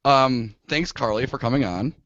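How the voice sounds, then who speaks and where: A man's voice: medium pitch, normal speed, a bit bright, lo-fi sound. A man hosting a casual podcast, chatting loosely with lots of fillers and easy laughs. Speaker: podcast host.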